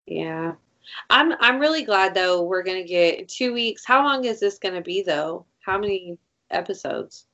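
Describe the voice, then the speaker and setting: A woman co-hosting a casual chat, telling stories in an animated way, acting out quotes and swearing freely. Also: medium pitch, a little slow, lo-fi sound.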